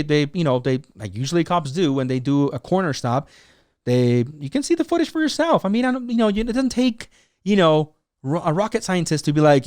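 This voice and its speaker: Excitable man with a dry, close sound. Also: high voice, clean tone, no echo. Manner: excitable, sarcastic, acts out quotes in mocking voices. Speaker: show host and commentator. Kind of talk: animated solo commentary.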